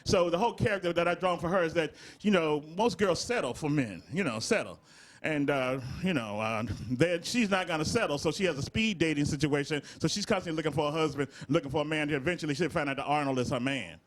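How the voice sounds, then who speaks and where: High-voiced laughing man storyteller. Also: fast, slight background noise. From Southern United States. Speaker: comedy writer and show creator. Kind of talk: casual interview chat.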